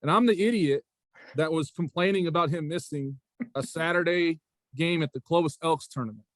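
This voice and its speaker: A man in his forties, a high school basketball coach and athletic director, telling stories in a casual interview with a rambling manner, often circling back with "again" and "right?". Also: normal speed, no room sound. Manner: rambling, repeats "again" and "right?", frequent restarts.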